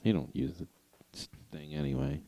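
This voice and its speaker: A man's voice: mid-range voice, big pitch swings, moderate pace, vocal fry, dark tone, slightly rough. A man co-hosting a car podcast, telling rambling stories in a laid-back way and laughing often. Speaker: podcast co-host. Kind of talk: casual chat.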